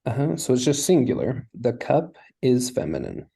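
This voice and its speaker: A man's voice: mid-range voice, huge pitch swings, normal speed, vocal fry, dark tone, slightly rough. A man tutoring a student in Hebrew, patiently explaining words step by step and asking questions. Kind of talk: online language lesson.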